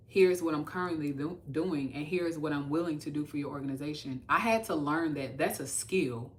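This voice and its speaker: Woman in her thirties, earnest livestream chat, lowish voice, from Texas. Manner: earnest, talks to viewers as y'all. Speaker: livestream host.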